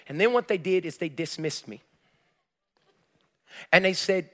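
A man preaching as pastor, telling a personal story and building to shouted exhortation. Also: high voice, very animated, measured pace, long pauses. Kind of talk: sermon.

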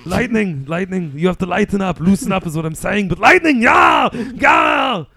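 A man putting on the voice of a loud, muscle-bound male movie villain who trades in cheesy puns. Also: high-pitched, expressive, moderate pace, gravelly, voice pushed up, exaggerated voice. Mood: hammy. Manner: loud exaggerated impression with heavy punchlines.

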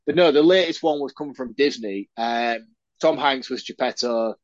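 A man co-hosting a podcast in casual chat, animated and sweary, laughing often. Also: mid-range voice, normal speed, no echo. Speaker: podcast co-host. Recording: dry, dull lo-fi sound.

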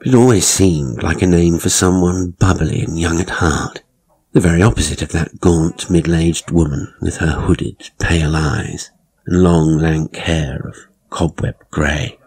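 A man narrating his own horror story in a measured, dryly ironic way. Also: sits low, darkish tone, husky, rough recording. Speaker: author and narrator.

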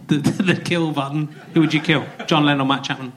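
A man's voice: fairly high pitch, fairly even intonation, fast. A middle-aged man hosting a live comedy podcast, throwing mocking questions and teasing interjections at his guest. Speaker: podcast host. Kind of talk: comic podcast hosting before a live audience. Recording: live room with crowd and noise.

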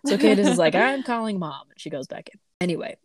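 A woman co-hosting a podcast who recaps a cartoon episode in casual chat, sarcastic and quick to mimic the characters in silly voices. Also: mid-range voice, animated, dry recording. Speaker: podcast co-host.

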